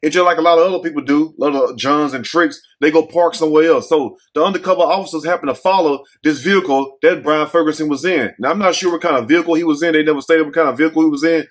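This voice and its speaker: A man hosts a casual storytelling commentary with a slightly raised pitch. He talks bluntly and jokingly, throwing rhetorical questions at his listeners. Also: fast, few pauses. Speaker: commentary show host.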